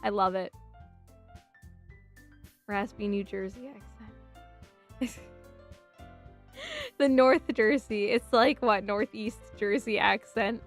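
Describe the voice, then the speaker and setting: Woman streamer playing a game, kinda high voice, giggly and chatty, reads the text out loud. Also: slow, pauses often, soft background music. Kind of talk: casual let's-play commentary.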